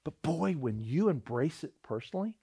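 A man's voice: fairly high pitch, lively intonation, moderate pace, gravelly, mellow, slightly rough. A man preaching a sermon, telling a personal story and acting out the voices in it, often repeating words as he starts a thought. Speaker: pastor.

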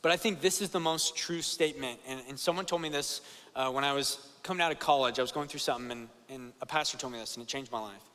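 A man's voice: medium pitch, fast, pushed and bright, in a large hall. A young man preaching a sermon to students, earnest and conversational, often checking in with "right?".

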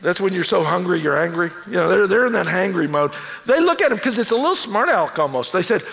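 A male pastor delivering an animated sermon, acting out quoted lines as he goes. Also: sits high, fast talker, vocal fry. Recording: long hall reverb.

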